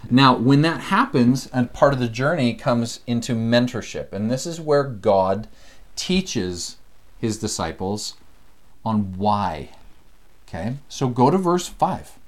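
A man leading a casual scripture study lesson, animated and acting out the voices he quotes. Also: mid-range voice, slow pace.

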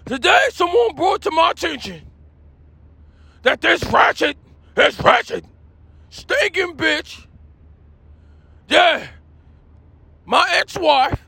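A man hosts a comedy rant at full volume, hyped and shouting. His voice is very high and bright, with a gravelly rasp. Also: sing-song, takes it slowly, long pauses, dry recording. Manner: loud, hyped, shouting rants. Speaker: comedy host.

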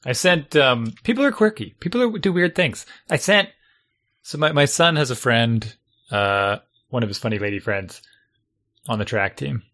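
Man, middle-aged, youth coach, casual chat, rambling, animated, middling pitch. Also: normal speed. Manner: rambling, animated, acts out other people's remarks. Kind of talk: casual conversation.

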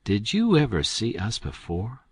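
A man's voice: on the low side, wildly swooping pitch, unhurried, breathy edge, dry recording, full character voice. A man voicing a clever, scheming boy who plays innocent with mock-puzzled questions. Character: Tom Sawyer, clever boy, playing innocent.

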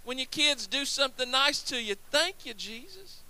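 A man's voice: very high voice, lively intonation, moderate pace, sharp tone. A man preaching a sermon, calling for responses from the congregation and repeating his phrases as he builds. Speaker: pastor.

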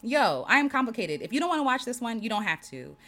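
A woman's voice: on the high side, sing-song, quick pace, a bit bright. A woman hosting a casual livestream, reading viewers' comments aloud and answering them with affirmations and laughter. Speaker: host reading live chat.

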